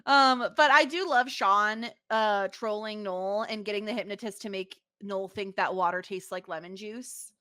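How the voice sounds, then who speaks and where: A woman co-hosting a podcast in casual chat, excitable and quick to react. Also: mid-range voice, dry recording, studio quality. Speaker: podcast co-host.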